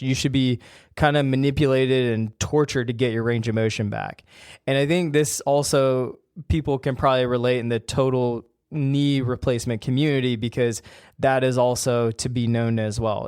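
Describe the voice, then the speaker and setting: A man's voice: mid-range voice, fairly even intonation, normal speed, a little mellow, clear, resonant tone, dry recording, clean studio sound. A man hosting a podcast, talking in an emphatic, fired-up, plain-spoken way. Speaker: podcast host and ACL rehab coach. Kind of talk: casual solo podcast talk.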